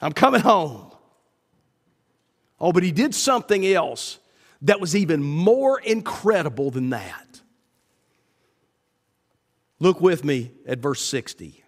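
A middle-aged pastor preaching with a slightly high, ringing voice. He speaks emphatically, leaps upward when he quotes and slows down to read scripture. His voice carries a long reverb through a church sanctuary. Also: big pitch swings. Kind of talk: sermon.

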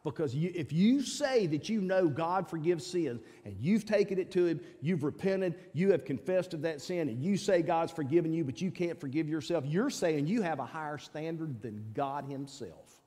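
Preacher, male, mellow and a bit high, emphatic sermon delivery, long church reverb. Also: animated, moderate pace, few pauses. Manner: emphatic, swings between loud appeals and low asides. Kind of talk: sermon with altar call. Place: church sanctuary.

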